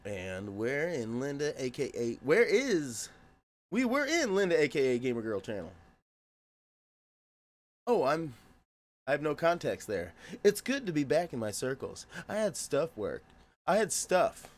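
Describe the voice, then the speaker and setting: A man's voice: on the high side, sing-song, a little slow. A man streaming games live, joking around and greeting his chat by name in a goofy way. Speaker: game streamer chatting with viewers.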